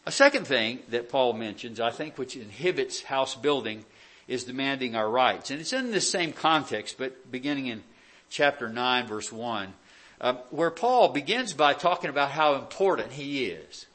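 In a mid-range, animated, slightly bright voice at normal speed, an American man preaches verse by verse. The expository sermon feels conversational, with rhetorical questions and dry sarcastic remarks mixed in.

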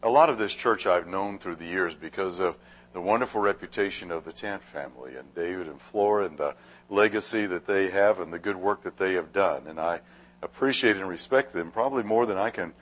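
A man speaking as a visiting preacher, giving a sermon in a gracious, unhurried way with halting pauses. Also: low-pitched, fairly bright tone. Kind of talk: sermon with a warm-up story.

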